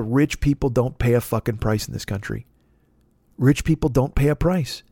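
A man's voice: medium pitch, a little mellow, no echo, clean studio sound. A man, a podcasting comedian, delivers an exasperated, profane comedic rant full of stammered restarts.

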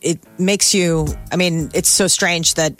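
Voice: medium pitch, fairly even intonation, unhurried, fairly bright tone, soft background music. A radio morning show co-host chatting casually, explaining at length with many fillers into a studio microphone.

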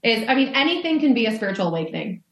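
A woman's voice: fairly high pitch, very animated, very fast, roomy sound. A woman motherhood coach speaking candidly in a podcast interview, swearing casually and talking in metaphors.

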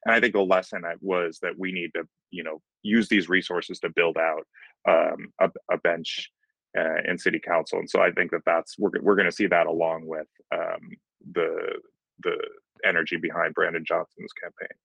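Gravelly, flat-voiced male guest. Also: sits low, no echo, poor audio. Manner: halting, many fillers and restarts. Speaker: magazine editor and guest. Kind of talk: interview answers.

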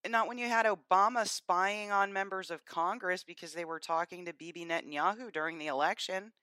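A woman's voice: on the low side, a little fast, sharp tone, no room sound. A woman co-hosting a podcast, talking politics in an emphatic, scornful way. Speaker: podcast co-host. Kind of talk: casual political chat.

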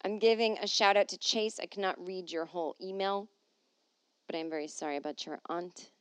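A woman's voice: fairly low pitch, fairly even intonation, brisk, smooth, no echo. A woman hosting her own podcast as a touring comedian, chatting casually and reading listener emails aloud in a rambling, self-deprecating, playful way. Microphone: podcast microphone.

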